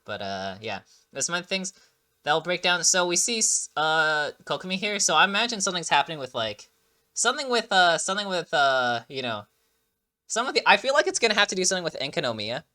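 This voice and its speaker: Hyped guy rambling fast about a game trailer, bright voice, just woke up. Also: fairly high pitch. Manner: excitable, rambling, many fillers and restarts. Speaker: content creator reacting to a game trailer. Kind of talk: casual reaction commentary.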